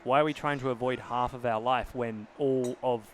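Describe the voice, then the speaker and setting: A man's voice: mid-range voice, fairly even intonation, normal speed, a little hiss or hum. Earnest man hosting a conversational podcast. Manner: earnest, many fillers and restarts, reflective. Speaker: podcast host. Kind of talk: casual conversational interview.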